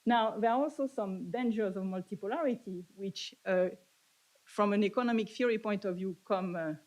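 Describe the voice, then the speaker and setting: Halting woman with a French accent. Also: medium pitch, darkish tone, poor audio. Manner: halting, with frequent "uh" fillers and restarts. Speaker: conference speaker. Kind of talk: academic conference talk.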